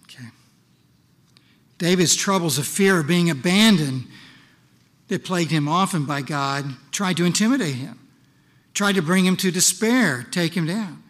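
Animated, high-voiced preacher man. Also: moderate pace, pauses often. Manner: animated, conversational, asks the congregation questions. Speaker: pastor. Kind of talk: sermon.

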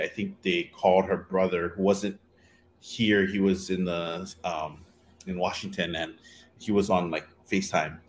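Low-voiced rambling man telling a story. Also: slight background noise. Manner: rambling, many fillers, acts out quotes. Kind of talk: casual storytelling chat.

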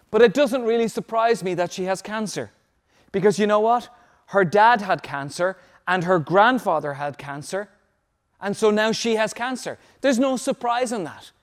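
A man's voice: high voice, lively intonation, moderate pace. A man preaching a sermon as pastor, emphatic, repeating key phrases so listeners can take notes.

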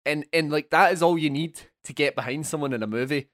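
A young man co-hosting a casual film podcast, animated and swearing freely. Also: on the high side, fast, dry recording, studio quality. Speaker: podcast co-host.

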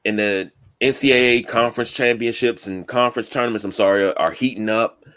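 A man's voice: lowish voice, a little fast, smooth. Chatty man telling sports stories. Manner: storytelling, animated when acting out quotes. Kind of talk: casual sports chat.

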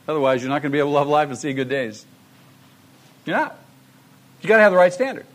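A man's voice: fairly high pitch, expressive, quick pace, long pauses. A middle-aged man preaching a sermon, emphatic and full of rhetorical questions to the congregation. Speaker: pastor.

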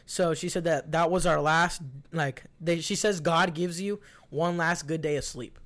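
A young man in casual conversation, telling a story in a loose, rambling way. He swears freely and fills his sentences with "like" and "you know". His voice sits a little higher than most men's. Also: fairly even intonation, measured pace, a bit bright. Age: young adult. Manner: profane, rambling, lots of fillers.

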